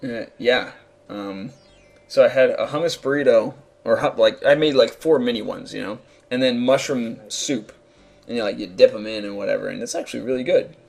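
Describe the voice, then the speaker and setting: A man's voice: mid-range voice, fairly quick, gravelly, darkish tone. A young man hosting a let's play, giving rambling, casual commentary full of fillers. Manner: rambling, laughing, filler-heavy.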